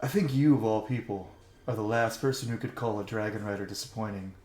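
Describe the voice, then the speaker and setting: Cocky villainous dragon knight, put on by a male game master, bright and sneering, echoey room. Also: on the low side, steady tone, fast talker, lightly acted. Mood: boastful. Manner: mocking, swaggering. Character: cocky taunting male dragon-rider commander.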